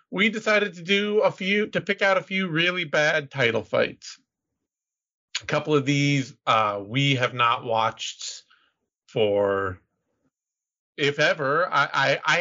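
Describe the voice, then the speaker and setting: A man hosting a podcast in casual chat, relaxed and rambling with self-deprecating jokes. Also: a little high, highs cut off. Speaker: podcast host.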